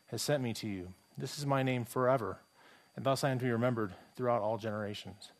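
A man's voice: mid-range voice, a little fast, a little mellow. Conversational male pastor preaching a sermon. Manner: conversational preaching with rhetorical questions and frequent restarts.

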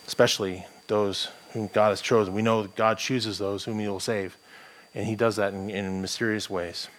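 A man with a plain American accent, a pastor preaching a morning sermon in a conversational, thinking-aloud way with frequent restarts. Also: fairly low pitch. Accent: General American.

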